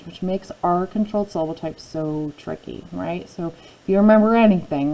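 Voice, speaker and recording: A woman teaching a phonics spelling lesson, speaking slowly and patiently, repeating each word and asking the listener questions. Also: low-pitched, gravelly, mellow, low-quality recording.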